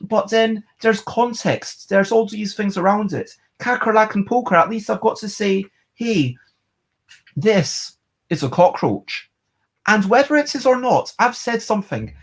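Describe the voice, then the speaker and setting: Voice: mid-range voice, moderate pace, few pauses. A board game reviewer, giving a casual, rambling video review and thinking aloud.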